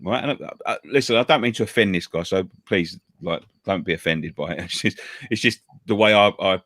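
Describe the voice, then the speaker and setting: A man telling a story in casual show chat, animated, stammering and repeating words, swearing freely and acting out others' lines. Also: sits low, a little fast, no echo. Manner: acts out other people's lines in a raised voice. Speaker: show co-host.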